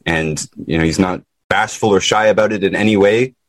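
A man hosting a podcast interview, talking in animated bursts and laughing often. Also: low voice, a little fast, dry recording. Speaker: podcast host. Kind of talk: casual interview chat.

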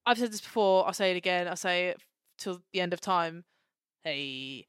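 A woman's voice: lowish voice, steady tone, a little fast, a bit bright, smooth, dry recording, studio quality. A woman co-hosting a podcast in casual chat, bubbly and giggly, with emphatic repetition. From Australia. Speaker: podcast co-host.

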